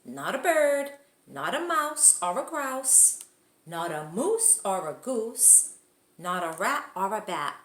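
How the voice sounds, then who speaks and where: Bossy, lecturing storybook mother cat, as a woman puts her on; sharp scolding lines with a lively pitch, recorded in an echoey room. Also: slow pace. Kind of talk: storybook read-aloud voice.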